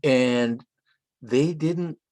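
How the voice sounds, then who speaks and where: A man's voice: mid-range voice, drawn-out words, slight background noise. Older man telling stories with bits of Spanish. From Southern California. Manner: relaxed storytelling that drops Spanish phrases into English. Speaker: guest author. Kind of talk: conversational storytelling in a live online interview.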